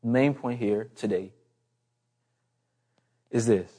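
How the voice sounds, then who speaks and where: A man's voice: medium pitch, slow pace, mellow, breathy edge. A man preaching a sermon in an earnest, emphatic way, repeating his key phrases.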